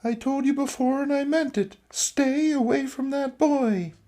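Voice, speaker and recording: A man voicing a bossy, jealous young woman from a romance comic in a high, nasal put-on voice. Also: a little slow, mellow. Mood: scolding.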